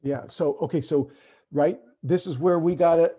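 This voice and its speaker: A man's voice: on the high side, normal speed, mellow, slightly rough. A middle-aged man speaking earnestly to parents in an online talk, often checking in with "right?". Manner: earnest, tags sentences with "right?". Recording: dull lo-fi online call audio.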